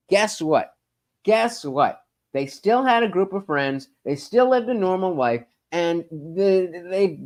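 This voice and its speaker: A man hosting a casual livestream, reading chat and rambling profanely with lots of stammered fillers. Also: mid-range voice. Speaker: streamer host reading live chat.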